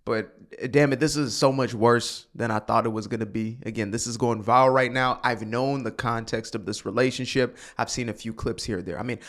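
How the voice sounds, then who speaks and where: A man's voice: medium pitch, a little fast, few pauses. A man hosting a casual reaction commentary, talking straight to his viewers with sighs and sudden bursts. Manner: animated, sighing, talks to viewers directly. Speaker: commentary channel host.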